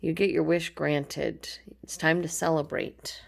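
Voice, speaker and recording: Low, gravelly woman tarot reader; relaxed, chatty, affectionate delivery. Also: a little slow. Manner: chatty, informal, frequent ums, affectionate terms. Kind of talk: casual pick-a-card tarot reading.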